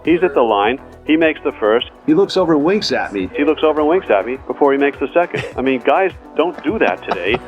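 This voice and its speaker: Brisk sportswriter recalling old days. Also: male voice, medium pitch, sing-song, dull audio, over music. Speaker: sports journalist. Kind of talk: interview anecdote.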